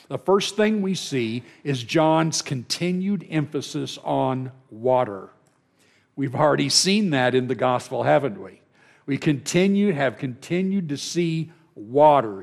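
A man at mid pitch teaches a Bible class, his voice carrying a gravelly edge. He talks through passages in an unhurried way, checks in with the listeners and repeats words as he restarts.

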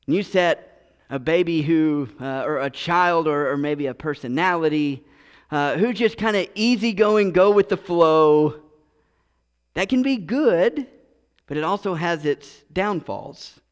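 Slow-preaching man in a reverberant hall. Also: fairly high pitch, smooth. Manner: earnest, repeats and restarts words. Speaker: pastor. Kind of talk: sermon. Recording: long reverb of a large hall.

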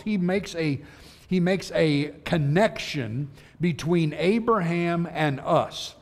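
Slow earnest preacher in reverberant hall. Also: male voice, fairly high pitch, darkish tone. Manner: earnest, emphatic, reads scripture slowly. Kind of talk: sermon. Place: church auditorium. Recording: long church hall reverb.

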